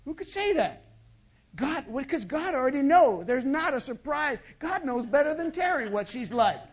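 This preacher's voice sits high and sounds very animated, keeping a moderate pace. The sermon alternates forceful outbursts with hushed confidential remarks and poses rhetorical questions to the listeners.

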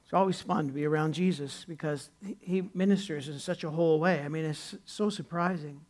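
A man's voice: fairly high pitch, steady tone, fairly quick, a little mellow. A man pastor preaching a sermon in a conversational way, acting out the people he quotes.

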